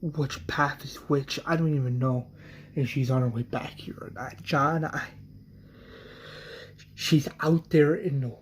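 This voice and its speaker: A man voicing a shaken group leader, halting and repeating himself in distress. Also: medium pitch, fairly even intonation, a little hiss or hum, close to an everyday voice. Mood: distraught.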